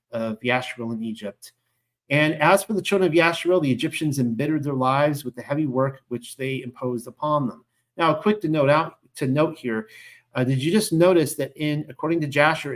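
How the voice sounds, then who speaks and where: A man of ordinary pitch leads a Bible study, reading old-fashioned scripture passages aloud. He keeps pausing to muse in a loose, chatty way, peppered with 'like' and 'you know'. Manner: conversational, full of 'like' and 'you know' asides; reads archaic scripture aloud, then stops to reflect. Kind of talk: scripture reading with casual commentary.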